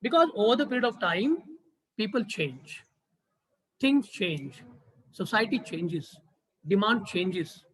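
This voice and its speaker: A man with a Maharashtrian Indian English accent gives a classroom lecture, and his voice sits high for a man. He poses rhetorical questions and restates key phrases to drive points home. The sound carries a long reverb, as in a large hall. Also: expressive, takes it slowly, pauses often, fairly bright tone, breathy edge.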